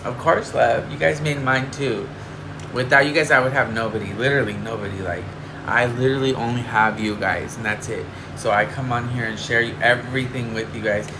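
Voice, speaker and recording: A man's voice: mid-range voice, steady tone, brisk. A man from Northern California chatting casually with livestream viewers, confiding and emotional, rambling with lots of fillers. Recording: air conditioner hum behind.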